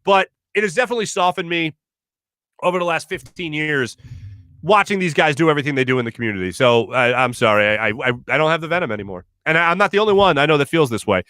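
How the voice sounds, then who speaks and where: This is a man in his thirties hosting a sports talk show, rambling and animated and often stopping to correct himself. His voice is bright and forward, and it swings widely up and down. He is recorded close and dry in a studio. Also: fairly high pitch, fast, smooth, dry recording. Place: radio studio.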